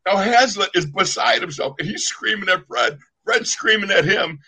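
An older man, a former pro football player, telling lively sports stories on a casual podcast. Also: high voice, normal speed, breathy edge. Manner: animated storyteller, acts out other people's lines.

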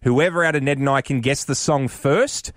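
A man's voice: medium pitch, moderate pace, background noise. A man, a radio co-host running a game and bantering playfully with his co-hosts. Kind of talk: casual banter.

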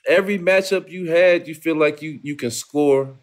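A man co-hosting a podcast, easygoing and slangy, quick to chime in and agree. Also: fairly high pitch. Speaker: podcast co-host. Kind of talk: casual interview chat.

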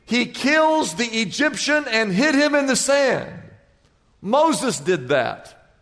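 A man's voice: sits high, fairly bright tone, in a large hall. A male pastor preaching a sermon, telling jokes and stories and quizzing the congregation. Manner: jokey storytelling, quizzing the congregation.

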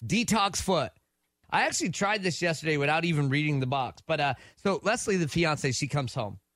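The clean studio recording has no echo, capturing a man with a voice on the high side speaking briskly. As a morning radio co-host, he spins an animated story and voices the quotes himself.

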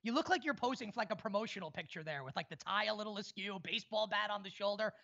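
A man ribbing his co-hosts in loose, profane podcast banter. His voice is bright and forceful. The sound is dull and lo-fi, as from a remote call. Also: sits high, fast talker, vocal fry. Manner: teasing, joking, profane. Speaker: podcast host. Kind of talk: casual sports podcast banter. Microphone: video call.

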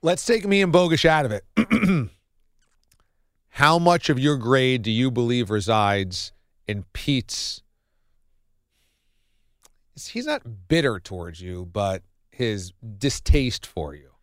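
Teasing radio host with lively pitch. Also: male voice, takes it slowly, long pauses, no echo, studio quality. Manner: needling, laughing questions.

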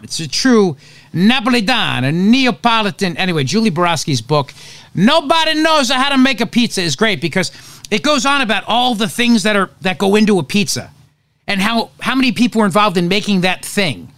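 A man's voice: high voice, a bit bright, no room sound. A man hosting a talk show, giving opinionated political commentary in an emphatic, sarcastic way.

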